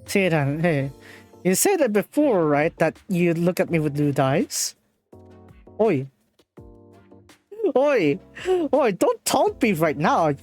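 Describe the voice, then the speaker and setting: A woman streamer reading and translating a visual novel live in a playful, animated way. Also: lowish voice, slow, long pauses, faint music behind. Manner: playful, animated, laughs often.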